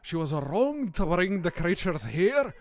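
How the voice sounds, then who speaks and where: A man's voice: sits high, very animated, slow, gravelly, pitched above the performer's own voice, exaggerated voice. A man as a scornful cleric read from a game; lay it on thick, a hint of Scottish. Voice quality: overdone, slightly Scottish-tinged. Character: gruff, scornful male cleric leader. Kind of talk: reading game dialogue aloud.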